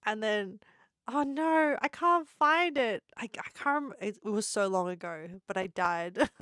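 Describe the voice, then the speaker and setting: A woman's voice: medium pitch, lively intonation, unhurried, a bit bright, smooth, no room sound, clean studio sound. A woman hosting a casual live stream, chatting and constantly breaking into giggles.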